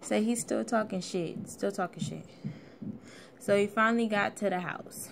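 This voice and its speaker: A young woman tells her viewers a personal story in a casual, plainspoken vlog style, swearing freely as she goes. She sounds a little out of breath, and her voice sits at an ordinary middle pitch. A faint hiss runs underneath the recording. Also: normal speed, creaky. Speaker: vlogger.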